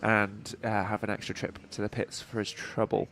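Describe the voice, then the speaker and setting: Young man, nasal congested voice, gravelly, slightly low, race commentary, faint background noise. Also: completely flat delivery, normal speed, a bit bright. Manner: dry, joking asides. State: congested from allergies. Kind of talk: live motorsport commentary.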